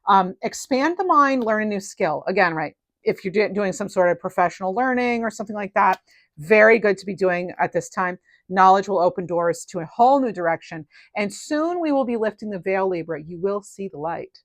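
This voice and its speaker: A middle-aged woman giving a casual tarot reading, enthusiastic and animated, her voice rising and falling in loudness. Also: medium pitch, fairly quick, no room sound, studio quality. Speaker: tarot reader.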